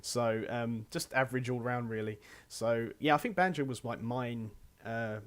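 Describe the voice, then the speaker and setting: A man hosting a casual podcast over a voice call, with a mid-pitched, everyday tone. He rambles, stumbles over his words and restarts his sentences often. He keeps it loose and chatty, with short chuckles. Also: normal speed. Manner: rambling, self-correcting, chuckling. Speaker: podcast host. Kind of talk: casual chat.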